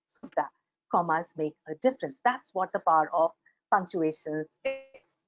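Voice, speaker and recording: Acting out example sentences with animation, an Indian English-accented woman delivers a grammar webinar lecture through a computer microphone on a video call. Her lowish voice moves at a normal speed, recorded dry with the highs cut off.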